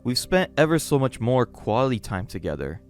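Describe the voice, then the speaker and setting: A man's voice: medium pitch, big pitch swings, brisk, a little mellow, close to an everyday voice. Brief: creepy obsessive gothic girl, sugary menace, a man reading her lines, faint music under. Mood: doting menace. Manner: sweetly menacing, scolding.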